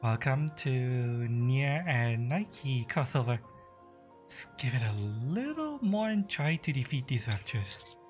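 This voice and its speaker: A woman putting on a soft, lower voice to read a calm game character and narration. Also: soft background music, full character voice. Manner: soft, measured reading of game dialogue.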